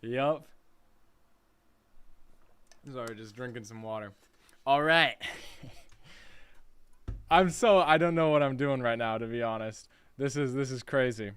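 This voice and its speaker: A young man talking loosely on a live stream from his college room, laughing as he answers chat. His voice is smooth and clear at an ordinary pitch, and the sound is close and dry. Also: fairly bright tone, no room sound. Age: young adult. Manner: chatty and scattered, laughing and reading chat aloud. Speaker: livestreamer.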